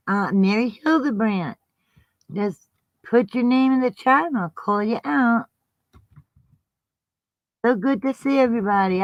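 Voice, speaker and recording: A woman's voice: medium pitch, no room sound, muffled recording. A woman on a casual live stream, greeting viewers affectionately and laughing often. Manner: warm, giggly, affectionate toward viewers.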